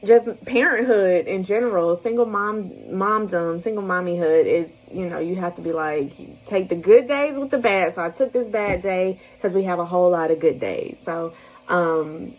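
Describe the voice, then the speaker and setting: A woman's voice: fairly low pitch, normal speed, a little mellow, rough recording. A young woman, a single mother, telling viewers about her morning in a casual, chatty way, laughing often and reassuring them directly. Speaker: single-mom vlogger. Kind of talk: casual storytelling to camera.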